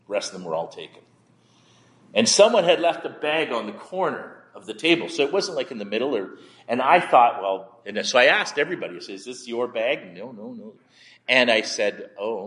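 Halting, low-voiced male pastor. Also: fairly bright tone, big-room sound. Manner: halting, repeats words often; conversational, candid. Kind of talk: sermon with personal story.

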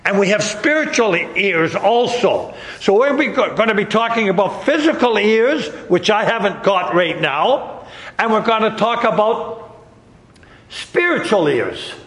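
A man preaching slowly and deliberately in a church, pressing his point with repeated rhetorical questions. His voice sits high, and the pitch rises and falls in lively swings. A long hall reverb hangs behind every phrase. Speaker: pastor. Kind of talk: sermon. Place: church sanctuary.

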